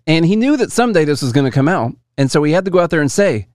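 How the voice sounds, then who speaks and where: A man's voice: on the high side, expressive, quick pace, few pauses, darkish tone, no echo. Dry-sounding man musing on the news. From United States. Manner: musing, hedging, talks to viewers and chat. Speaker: commentary show host. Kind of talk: casual news commentary.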